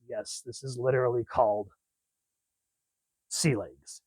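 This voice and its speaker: A man's voice: mid-range voice, slow, long pauses, dry recording, low-quality recording. A man reviewing comic books in a casual, rambling and enthusiastic way. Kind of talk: casual chat.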